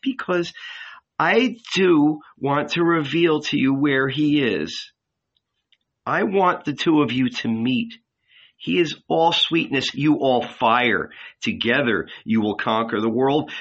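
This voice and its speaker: A man reading aloud and voicing a tender, fearful woman who pleads with rising pitch. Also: animated, slow pace, fairly bright tone, slightly rough, muffled recording, exaggerated voice. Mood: tearful pleading.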